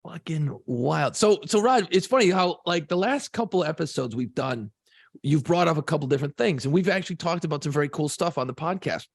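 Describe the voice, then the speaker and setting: A podcast co-host tells stories animatedly in casual chat, swearing freely. His voice is on the high side, expressive, gravelly and husky, moving a little fast, and the recording is studio quality with no room sound.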